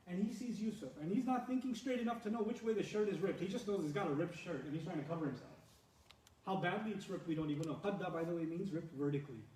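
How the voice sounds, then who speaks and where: A man with a high, mellow voice teaches a scripture lesson, animated and quick to laugh as he acts out the story. He sounds a little distant from the mic in an echoey room. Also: a little hiss or hum. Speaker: religious lecturer.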